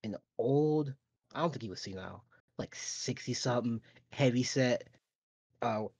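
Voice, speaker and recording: A young man co-hosting a podcast, telling animated stories in casual chat and swearing freely. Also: mid-range voice, normal speed, breathy edge, no echo. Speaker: podcast co-host. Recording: dull, lo-fi, dry sound.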